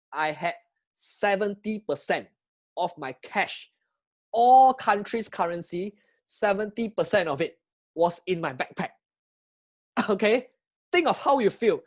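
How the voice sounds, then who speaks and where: This man, a travel vlogger, has a high voice and a Singaporean English accent as he shares a personal travel story on camera. Chatty and excitable, he quizzes his viewers, breaks into frequent laughter, and often starts over.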